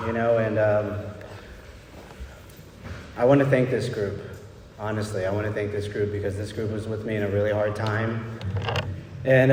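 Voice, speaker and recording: A man's voice: fairly low pitch, a little mellow. A young man from El Paso tells his recovery story at a meeting in a loose, candid way, often checking in with "right?" and "you know". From El Paso, Texas. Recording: echoey hall, distant mic, faint background noise.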